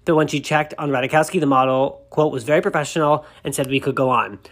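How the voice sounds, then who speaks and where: Fast-talking chatty man gossiping. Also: fairly high pitch, fairly even intonation, fairly bright tone. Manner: chatty and gushing, many fillers and asides. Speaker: celebrity news host. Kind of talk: casual gossip commentary, reading news aloud.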